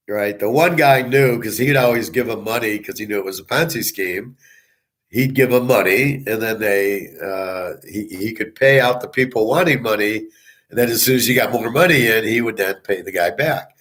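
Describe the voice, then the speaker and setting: A man's voice: fairly low pitch, moderate pace. A man giving a profane, scornful monologue as a sports handicapper and commentator, talking bluntly. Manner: blunt, scornful, swearing often.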